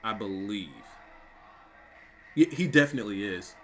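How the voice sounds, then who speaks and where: A young man reacting live on camera for his review channel, stunned and repeating exclamations, with bursts of shouting. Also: medium pitch, animated, moderate pace, slight background noise. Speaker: wrestling reviewer.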